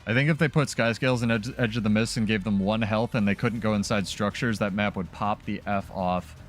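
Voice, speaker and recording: A man's voice: lowish voice, fairly even intonation, a little fast, soft background music. A man talking casually as a streamer during live gameplay, loose and chatty with many fillers.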